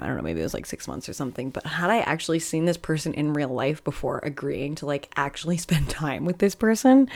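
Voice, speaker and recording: A young woman with a low voice hosts her podcast in a loose, chatty way. She tells her dating stories frankly, swears freely and laughs often as she goes. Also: creaky. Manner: candid, profane, laughs often while telling stories. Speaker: podcast host. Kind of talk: casual storytelling monologue.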